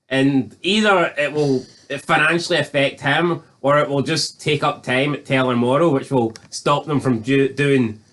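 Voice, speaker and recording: A man's voice: medium pitch, fairly bright tone. A Scottish man reviewing a TV episode in casual chat, opinionated and arguing his point firmly. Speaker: TV show reviewer.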